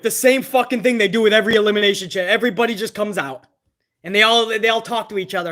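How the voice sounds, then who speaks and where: A man's voice: high-pitched, fast talker, pushed and bright. A man hosting a live reaction stream, commenting on wrestling with exasperated, profane rants.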